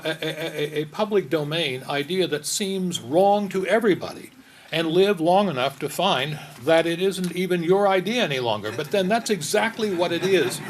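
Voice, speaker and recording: A man's voice: fairly high pitch, slight background noise. An older man, a law professor, giving reflective and emphatic lecture remarks at a conference. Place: lecture hall.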